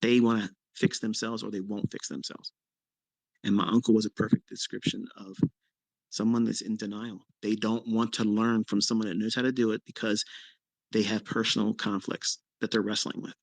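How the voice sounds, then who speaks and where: A man in his fifties, a trading mentor, telling a story in casual talk, bluntly and with swearing, and with sudden emphatic leaps in pitch. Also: flat delivery, normal speed, creaky, no echo. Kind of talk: casual storytelling on a live audio chat.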